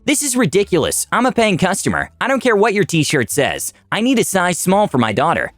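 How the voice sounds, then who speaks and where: A man's voice: fairly high pitch, huge pitch swings, fairly quick, no room sound, pitched above the performer's own voice. A man voicing an irate, entitled woman shopper who scolds and demands service. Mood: furious. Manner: indignant, scolding.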